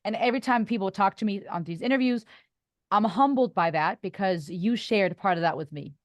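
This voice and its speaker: A woman's voice: medium pitch, fairly quick, no room sound. A woman podcast host, a native German speaker, talking in an earnest, reflective way and laughing often during a casual interview.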